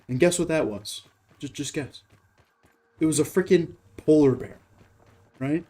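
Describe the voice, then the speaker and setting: A man's voice: mid-range voice, warm tone. A man hosting a gaming channel who tells a rambling, profane story while playing, full of fillers and rhetorical questions.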